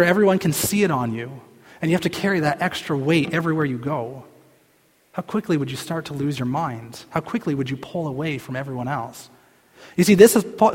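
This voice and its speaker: A man preaching a sermon with passion, rising to loud cries and then dropping to hushed, near-whispered lines. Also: high-pitched. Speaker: pastor. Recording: long hall reverb.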